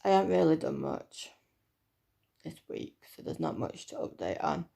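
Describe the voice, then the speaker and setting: A woman's voice: sits low, big pitch swings, normal speed, vocal fry, warm tone. A woman in her thirties giving a chatty, hesitant personal vlog update with lots of fillers. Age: 30s. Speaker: vlogger.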